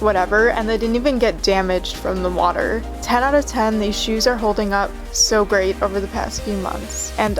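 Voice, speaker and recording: In her bedroom, a young woman vlogs casually, gushing with excitement as she unboxes shoes and tries them on. Her voice is medium-pitched, and the audio quality is poor.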